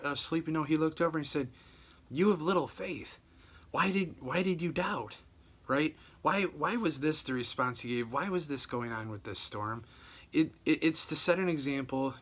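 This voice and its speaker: A man's voice: a little high, fairly bright tone. A man giving a casual video sermon. He reads scripture aloud, then talks in a loose, conversational way, often repeating words and adding "right?" and "you know". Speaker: preacher.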